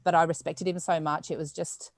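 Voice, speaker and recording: Fast-talking low-voiced Australian woman. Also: no echo. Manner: rapid, animated storytelling with acted quotes. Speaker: podcast guest, weightlifter. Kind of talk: casual storytelling chat.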